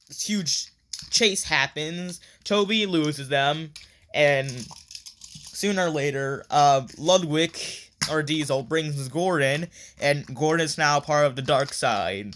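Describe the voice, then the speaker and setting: A man's voice: fairly high pitch, fairly bright tone. A man giving a casual, rambling plot recap review, full of frequent ums and offhand, wry asides. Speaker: video reviewer.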